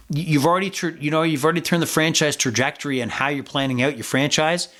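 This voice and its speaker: A man's voice: medium pitch, fairly bright tone. A man hosting a sports betting podcast, talking in a loose, rambling way with lots of fillers and casual swearing. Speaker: podcast host.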